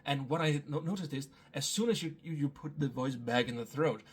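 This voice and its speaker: A man who is a voice actor giving a casual spoken tutorial, explaining in a relaxed way with small restarts, his English accent not American. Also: on the high side, fairly quick, husky. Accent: non-American English.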